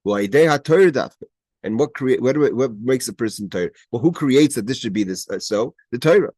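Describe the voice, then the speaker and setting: A man's voice: medium pitch, expressive, unhurried, darkish tone, breathy edge, no room sound. A man leads a study class over a video call, moving between Hebrew quotations and his own English explanation. His voice sits in a middle register and the sound is dry and close. He stumbles and restarts often, then presses hard on his main points. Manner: grows emphatic at key points. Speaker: teacher leading a Torah study class. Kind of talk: explaining a Hebrew text line by line.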